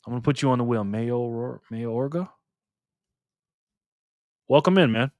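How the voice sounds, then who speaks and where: A man's voice: medium pitch, measured pace, no echo, narrow, tinny audio. An older man hosting a live stream in a casual, chatty way, thanking viewers by name and swearing now and then.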